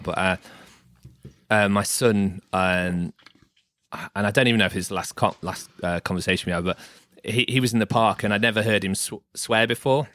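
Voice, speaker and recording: A man's voice: deep voice, a bit bright, no echo. A middle-aged man hosting a podcast, talking in a rambling, hesitant way with lots of restarts. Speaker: podcast host. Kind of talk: casual chat.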